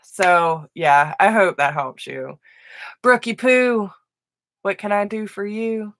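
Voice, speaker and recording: Slow, bright-voiced woman reading tarot. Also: medium pitch, no room sound. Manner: affectionate, slow and emotional, laughs often. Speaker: tarot reader. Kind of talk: live-stream tarot reading.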